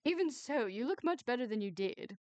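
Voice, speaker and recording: A woman's voice: on the high side, lively intonation, a little fast, dry recording, pitched above the performer's own voice, close to an everyday voice. A woman voicing a tactless, gossipy woman at a wedding, prying and gushing in a raised, emphatic voice. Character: tactless gossipy woman, early thirties, nosy.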